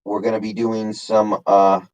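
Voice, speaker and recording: A man's voice: lowish voice, flat delivery, unhurried, darkish tone, poor audio. A man casually chatting on his live stream, answering chat by name with lots of fillers. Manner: rambling, reads chat names, many fillers.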